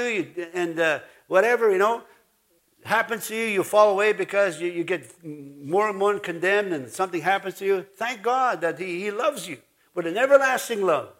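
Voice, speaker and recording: Folksy and joking, a man preaches to his congregation and calls for responses. The pastor's voice sits high and a bit bright, and he speaks with an Ojibwe-influenced Canadian English accent.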